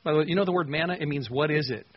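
A man's voice: a little high, very fast, slightly rough, muffled recording. A man teaching through Bible verses in a conversational, earnest way, with emphatic stresses.

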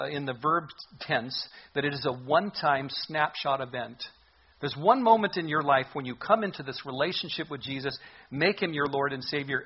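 A man's voice: medium pitch, breathy edge, dull audio. A man preaching a sermon as a pastor, earnest and emphatic, repeating his points for weight.

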